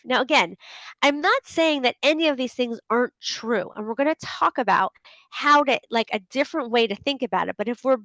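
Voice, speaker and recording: A woman's voice: a little high, brisk, fairly bright tone, dry recording, low-quality recording. A woman hosting a casual group video call, chatty and full of fillers, who often acts out inner voices. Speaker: host of a group coaching call. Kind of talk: casual talk to an online group.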